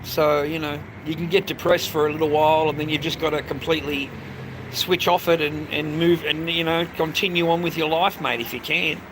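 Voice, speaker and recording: A slightly high-voiced Australian man rambling on a live stream, swearing casually and saying "mate" every few words. He is outdoors, and loud street traffic runs under his voice. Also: steady tone, fairly quick.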